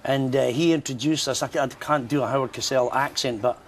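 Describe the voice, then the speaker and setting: A man's voice: mid-range voice, fairly quick, a little hiss or hum. An older Scottish man, a musician guest telling jokey stories in a chatty morning interview. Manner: jokey, lively storyteller.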